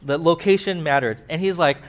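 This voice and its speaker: Guy preaching casual, kinda high voice, lively, asks the crowd stuff and does little voices. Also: fairly quick. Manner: animated, acts out voices, asks the audience questions. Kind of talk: casual sermon with slides.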